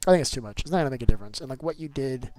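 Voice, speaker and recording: A man's voice: mid-range voice, lively intonation, racing, warm tone, no echo, faint music behind, rough recording. Rambling, opinionated male game streamer. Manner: rambling and opinionated, often going on rants; loose and chatty, many "like" fillers. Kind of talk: casual live gameplay chat.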